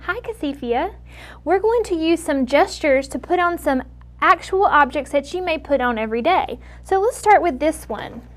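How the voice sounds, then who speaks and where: A young woman with a high voice explains a speech therapy method, then runs through it with a patient. She speaks step by step and keeps up steady encouragement. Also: normal speed. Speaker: student speech clinician.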